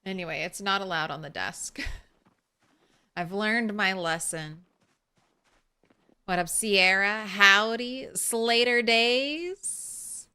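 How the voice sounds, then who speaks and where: A woman's voice: on the low side, takes it slowly, pauses often, pushed and bright, clean tone. A young adult woman streaming a game live, chatting casually and greeting her viewers with giggles. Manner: bubbly, greets chat, giggly.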